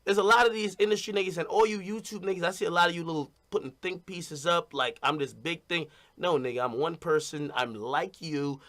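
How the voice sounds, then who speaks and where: A man's voice: on the high side, fairly quick, hardly any pauses, fairly bright tone. Blunt rambling man streaming to fans. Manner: blunt, rambling, repeats "you know what I mean". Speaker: streamer talking to his audience. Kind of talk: casual stream monologue.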